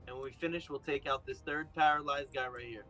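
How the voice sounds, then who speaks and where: A man's voice: mid-range voice, fairly even intonation, fast, bright, forceful tone, faint music behind. A man playing a tabletop game, laying out tactics in a laid-back, casual way. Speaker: player.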